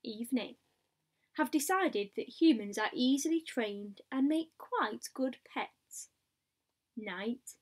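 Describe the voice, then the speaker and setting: A woman reading a picture book aloud, in a steady diary style with asides to the listener. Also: fairly high pitch, slow. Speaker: storybook reader.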